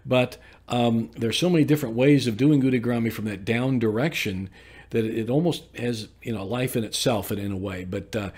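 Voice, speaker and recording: A man's voice: medium pitch, brisk, a little mellow, reverberant, long reverb tail, distant mic, rough recording. A man teaching a judo arm lock, explaining in an informal way with repeated okay checks. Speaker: judo instructor. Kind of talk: instructional demonstration and commentary.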